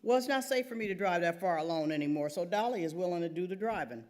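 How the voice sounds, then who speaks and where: A woman's voice: fairly low pitch, expressive, fast talker, darkish tone, lightly acted. A woman reading aloud and voicing a blunt, teasing churchgoing mother in her eighties. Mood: prim. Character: sassy churchgoing elderly mother, eighty-one.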